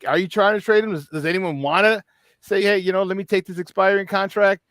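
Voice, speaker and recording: A man hosting a morning sports talk show, telling stories in an animated, excitable way. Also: sits high, fairly quick, dry recording, studio quality. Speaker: host. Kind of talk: casual sports radio talk.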